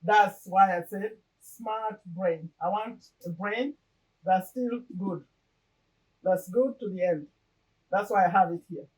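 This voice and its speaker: A middle-aged woman speaks at a medium pitch in a casual, reflective way, stopping and restarting as she explains things. She sounds a little distant from the microphone. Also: a little mellow. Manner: earnest, reflective, with pauses and restarts. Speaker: vlogger sharing her vision board. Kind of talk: casual personal talk to camera.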